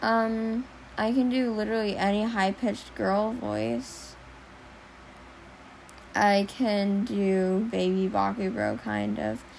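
A woman's voice: medium pitch, steady tone, slow pace, vocal fry, a little mellow, a little hiss or hum. A teenage girl chatting playfully at home, joking and trying out voice impressions. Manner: playful, joking, says she has tics. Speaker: vlogger. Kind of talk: casual chat. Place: her home.

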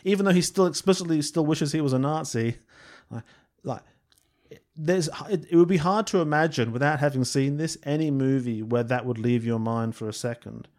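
A man's voice: on the high side, moderate pace, a little mellow. A man co-hosting a podcast, talking in a rambling, casual way with many fillers and frequent laughs. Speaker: podcast co-host. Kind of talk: casual film discussion chat.

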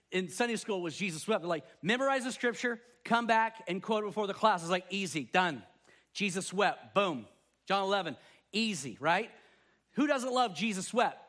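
A man with a fairly high voice delivers a sermon. He tells scripture stories in an animated way and acts out the voices of the people in them. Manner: animated storytelling, acting out quoted voices. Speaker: pastor.

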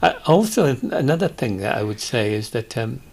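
Welsh Valleys man, husky, animated storyteller with restarts. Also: medium pitch, brisk. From Wales. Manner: animated storyteller, hesitant restarts, does voices. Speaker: guest. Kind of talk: casual chat.

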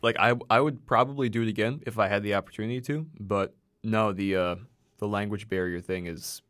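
A man's voice: fairly low pitch, steady tone, fairly quick, a bit bright. A young man from the American Midwest, co-hosting a casual chat, telling rambling stories and swearing freely. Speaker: podcast co-host.

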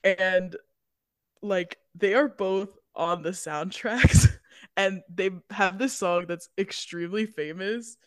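A woman co-hosting a film podcast chats casually and slowly in a mid-range voice, rambling with fillers and giggling often. The sound is clean studio audio without echo.

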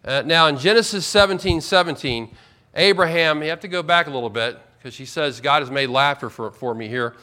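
A man preaching a sermon as pastor, emphatic, slowing right down to stress key words. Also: on the high side, pushed and bright. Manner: emphatic, with slow drawn-out stresses.

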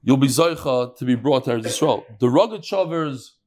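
A man's voice: mid-range voice, animated, a little fast, darkish tone. A man teaching a Talmud class, reading Aramaic lines and explaining them in English with jokes. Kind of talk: Gemara class explaining text.

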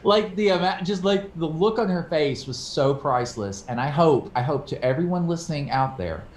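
A man telling a story in casual podcast chat, animated and swearing casually, acting out quoted voices. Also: a little high, moderate pace, roomy sound. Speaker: podcast co-host.

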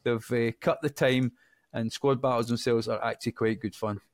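A man's voice: medium pitch, steady tone, normal speed, no echo, studio quality. A man co-hosting a casual podcast chat, easygoing and joking. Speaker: podcast co-host.

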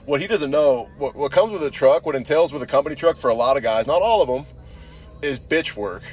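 A man's voice: fairly high pitch, lively intonation, a little fast, a little mellow. A young man hosting a podcast, telling a rambling, crude story and cursing a lot, filling it with "dude". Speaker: podcast host. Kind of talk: casual profane storytelling.

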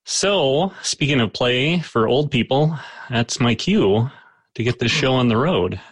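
A man running a tabletop game podcast as game master, talking casually and haltingly with many fillers and self-deprecating asides. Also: mid-range voice, lively intonation, slightly rough, no echo.

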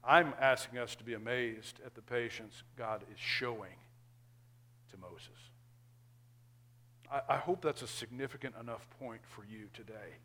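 A male pastor preaches a sermon with earnest emphasis at a measured pace and medium pitch, occasionally dropping into quiet asides.

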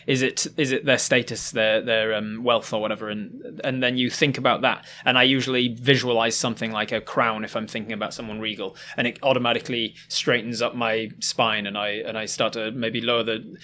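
Chatty man, animated and quick. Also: mid-range voice, a little hiss or hum. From Yorkshire, England. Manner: chatty and animated, quick asides, laughs at himself. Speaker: guest, professional game master and voice actor. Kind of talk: casual podcast chat.

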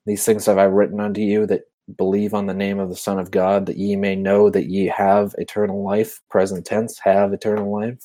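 A man co-hosting a podcast, talking in a laid-back way with quick asides. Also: on the low side, monotone, dark tone, dry recording. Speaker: podcast co-host. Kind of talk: casual chat.

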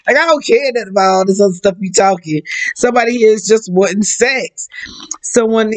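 A woman giving a psychic reading for her viewers in a relaxed, frank way, with blunt talk and casual swearing. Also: on the high side, fairly quick. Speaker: psychic reader.

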